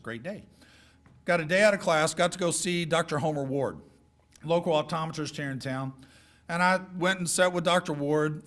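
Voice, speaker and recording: A middle-aged man giving a folksy, joking speech of advice to high school seniors. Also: fairly bright tone. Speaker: guest speaker.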